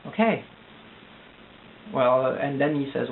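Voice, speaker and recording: A distressed young man from Quebec, rambling anxiously in a confessional video diary, halting and repeating himself. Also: fairly high pitch, animated, creaky. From Quebec, Canada. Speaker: vlogger. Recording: tinny lo-fi audio with hiss.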